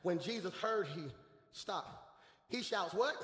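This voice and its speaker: A man preaching a lively sermon as pastor, with shouted bursts and casual slang. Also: high voice, slow. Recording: echoey hall.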